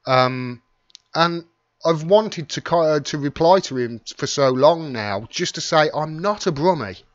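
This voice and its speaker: A man's voice: fairly high pitch, unhurried, dry recording, dull audio. A middle-aged man with a Wolverhampton accent, hosting a casual live stream and chatting as he thanks viewers by name. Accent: Wolverhampton (Black Country). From West Midlands, England. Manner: rambling, chatty, reads out and thanks commenters by name. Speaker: YouTube live stream host.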